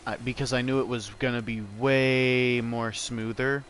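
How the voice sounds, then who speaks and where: A man's voice: medium pitch, flat delivery, normal speed, a bit bright, slight background noise. Laid-back young man rambling over gameplay. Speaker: gameplay streamer. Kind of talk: casual gameplay commentary.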